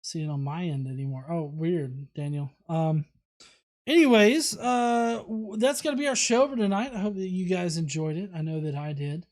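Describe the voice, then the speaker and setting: A man's voice: on the high side, moderate pace, a little mellow. A man hosting a livestream, casually reading viewer comments aloud with many fillers and restarts. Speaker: host.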